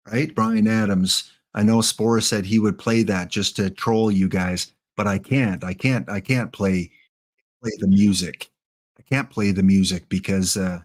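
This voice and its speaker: Chatty Canadian man hosting a stream. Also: on the low side. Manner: joking, chatty, answers chat. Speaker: livestream host. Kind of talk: casual livestream chat.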